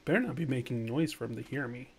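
A man hosting a let's play gaming video, casually chatting and scolding the game out loud, swinging between shouts and mutters. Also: medium pitch, quick pace, heavy background noise. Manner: animated, yelling at the game, then muttering. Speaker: gaming channel host.

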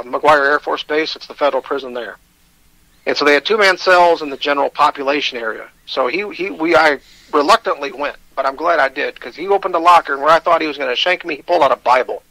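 A man's voice: fairly high pitch, quick pace, creaky, pushed and bright, no echo, low-quality recording. A man with a Michigan accent, telling his personal story as a radio guest, candid and self-deprecating, with hesitant restarts.

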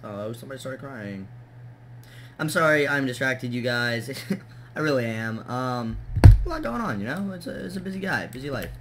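A young man talks through a building game in a casual, distracted way, laughing at himself and counting blocks under his breath. His voice sits at an ordinary middle pitch. Heavy background noise and clicking keys run under the whole recording. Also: expressive, normal speed. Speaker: gaming channel host.

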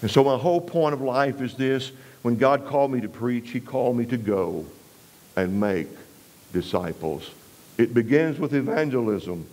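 In an expressive revival sermon, a man from West Texas tells it folksy and story-driven, dropping to a low hush for emphasis and pressing scripture with more force. He speaks at a moderate pace, and the audio is poor.

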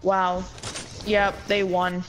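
A woman's voice: mid-range voice, little pitch movement, very slow, background noise. A woman chatting casually while playing a video game, rambling about matches and other players. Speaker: gamer. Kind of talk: casual chat while gaming. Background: game music.

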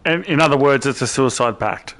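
A man's voice: mid-range voice, fairly quick, fairly bright tone. A man streaming a VR shooter, joking and swearing in casual banter with friends. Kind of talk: casual gaming chat.

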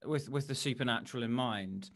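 A man's voice: medium pitch, fairly quick, a bit bright. Male podcast host steering the conversation. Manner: brief affirmations and steering questions. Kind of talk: interview conversation.

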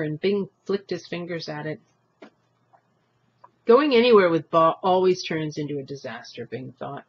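A man's voice: fairly high pitch, breathy edge, dull audio. A man reading a young adult novel aloud, narrating expressively. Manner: expressive reading, voicing thoughts and characters. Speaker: audiobook reader. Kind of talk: storybook narration.

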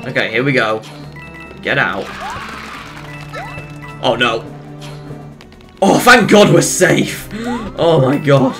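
An excitable let's-play gamer talks through a platform game in an unhurried way, the pitch leaping all over the place. Exclamations and giggles break into rambling, jokey asides. Faint game music sits behind the voice. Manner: excitable, exclaims and laughs often. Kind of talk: casual gameplay commentary.

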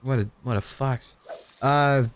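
A man's voice: medium pitch, a little slow, clean tone. A man in his twenties reading a fanfic aloud while playing a game, casual and stumbling, swearing at his own slips. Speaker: YouTuber.

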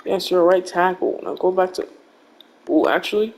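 A man's voice: sits high, moderate pace. A young man giving casual, rambling gameplay commentary with joking, blunt trash talk. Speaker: gaming video creator.

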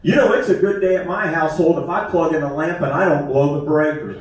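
A man's voice: on the high side, fast, slight background noise. A man doing a self-deprecating, conversational stand-up comedy set on a theater stage. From West Virginia. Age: 50s. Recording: echoey theater from far off.

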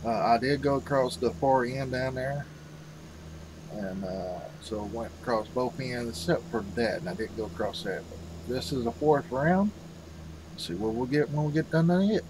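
A man's voice: medium pitch, normal speed, a little mellow, rough recording. Guy rambling thru a farming game, easygoing, talks to "folks", faint noise behind. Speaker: gaming channel host. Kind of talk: casual game commentary.

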